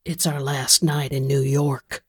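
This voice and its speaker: Give me a reader playing a possessive, menacing husband who talks low and slow. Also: male voice. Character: brooding possessive husband, menacing and heavy-breathing.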